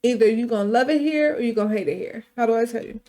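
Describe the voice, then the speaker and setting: A woman's voice: fairly high pitch, fast talker, dark tone, close to an everyday voice. A woman voicing a bold young woman who talks back to her mother, with blunt, profane comebacks. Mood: defiant. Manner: blunt, profane, sassy clapbacks.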